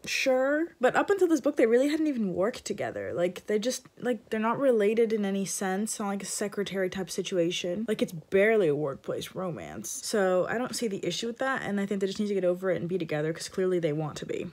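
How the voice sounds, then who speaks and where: A young woman chatting casually in a book vlog. She gives dramatic, opinionated takes and jumps into sudden bursts of excitement. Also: medium pitch, brisk, hardly any pauses. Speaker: book vlogger.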